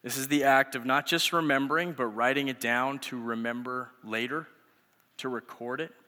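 A man's voice: medium pitch, steady tone, normal speed, sharp tone. A man in his thirties, a youth pastor, giving a sermon through conversational storytelling. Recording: echoey hall reverb.

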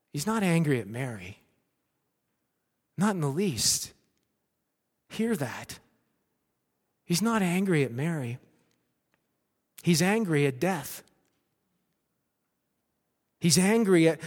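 A man preaching a sermon with animated delivery, acting out cheering crowds. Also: a little high, takes it slowly, long pauses, in a large hall.

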